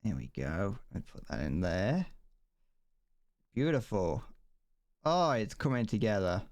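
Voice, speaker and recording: A man's voice: on the low side, big pitch swings, unhurried, a little mellow. A British man chatting on a casual livestream while he builds a model kit, rambling with frequent stammered restarts and laughter. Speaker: streamer.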